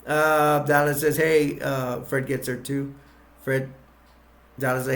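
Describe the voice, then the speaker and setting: A man with a rough, gravelly edge at an ordinary pitch recaps a movie's plot off the cuff. He rambles, fills gaps with ums, and restarts his sentences. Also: flat delivery, normal speed. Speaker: movie reviewer. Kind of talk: casual plot retelling. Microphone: attached to a bag.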